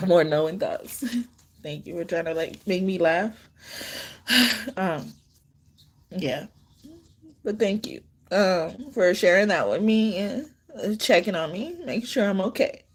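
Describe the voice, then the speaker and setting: A woman's voice: mid-range voice, lively intonation, takes it slowly, pauses often, slightly rough. A woman giving a live-stream tarot reading, talking in a loose, rambling way with many restarts and laughing between sentences. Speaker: tarot card reader.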